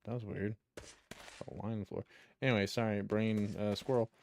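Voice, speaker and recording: A man's voice: fairly low pitch, fairly even intonation, normal speed, vocal fry, slight background noise. Rambling, swearing young male streamer. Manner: rambling, profane, chuckles while telling stories. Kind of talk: casual chat while gaming.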